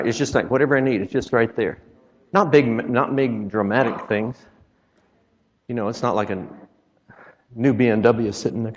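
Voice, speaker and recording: A traveling preacher with a mid-range voice talks fairly quickly through a folksy sermon in a church. Joking asides and quoted scripture run through it. Reverb and a dull, lo-fi tone mark the recording.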